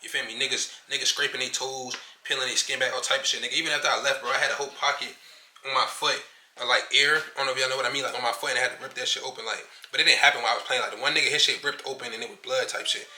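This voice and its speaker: Rapid-fire young man telling a story. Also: medium pitch, echoey room, slight background noise. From Virginia. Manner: rapid, profane, animated storytelling with heavy slang. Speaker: vlogger. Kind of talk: casual storytelling to camera.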